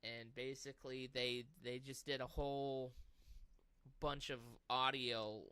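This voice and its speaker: Bright, crisp-voiced man telling game stories. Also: medium pitch, unhurried. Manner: animated storytelling with swearing and laughs. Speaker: podcast co-host. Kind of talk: casual gaming chat.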